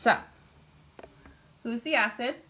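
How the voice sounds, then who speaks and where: A woman's voice: fairly high pitch, takes it slowly, bright, forceful tone. A woman teaching a college chemistry class in a casual, chatty way, with frequent filler words and laughing asides.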